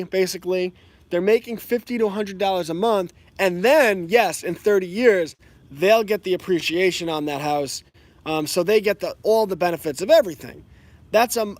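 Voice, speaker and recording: Young male educator; frank, opinionated commentary with examples, high pitch. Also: dry recording. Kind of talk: casual commentary.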